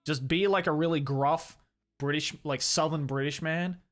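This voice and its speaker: A man's voice: on the high side, fairly even intonation, normal speed. A man chatting casually with his stream audience, often laughing and trailing off with fillers. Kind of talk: casual chat.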